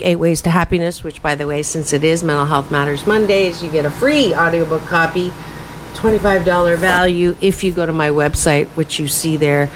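A woman hosting a morning radio talk show as a happiness coach, giving self-help advice in an animated way with quick asides, speaking from a studio. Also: fairly low pitch, slight background noise, rough recording.

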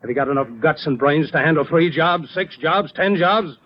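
A stern older company boss who lectures with cutting sarcasm, as an actor plays him in a 1940s radio drama. His voice sits a little high and sounds husky. It comes through on a dull, lo-fi old broadcast. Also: moderate pace, lightly acted.

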